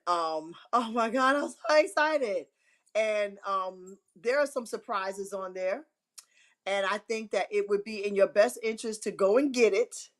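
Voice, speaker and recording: A middle-aged woman hosting a live stream, giving emphatic, repetitive, churchy encouragement. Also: mid-range voice. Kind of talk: inspirational live-stream talk.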